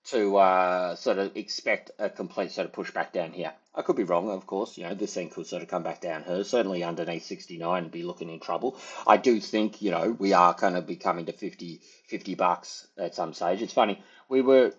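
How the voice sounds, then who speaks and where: A trader gives casual, rambling market commentary over charts, packing his talk with fillers and hedges. His voice sits low and moves fairly quickly, husky, on a muffled recording.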